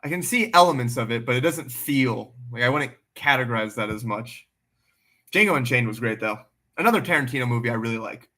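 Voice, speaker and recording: Bright-voiced man chatting on a livestream. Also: medium pitch, a little fast. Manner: blunt and animated, swears freely. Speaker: livestream host answering chat questions. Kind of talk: casual livestream chat.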